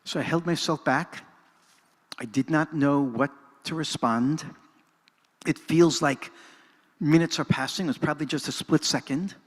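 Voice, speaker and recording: Speaking a little slowly and leaving long pauses, an older man with a voice on the high side presents an earnest, dramatic personal story, shifting between narration and reflection. The setting is a synagogue hall with a reverberant sound.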